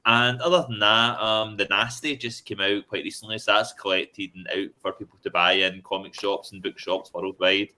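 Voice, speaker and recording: A man talking as a guest in a casual chat over a video call, relaxed and full of ums. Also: fairly low pitch, normal speed, hardly any pauses. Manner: relaxed, plain, with many ums. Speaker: guest comics writer.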